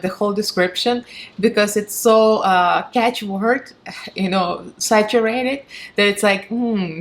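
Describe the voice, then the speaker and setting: A woman with a Russian accent giving a chatty, frank and sarcastic product review, laughing often. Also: medium pitch. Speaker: beauty vlogger.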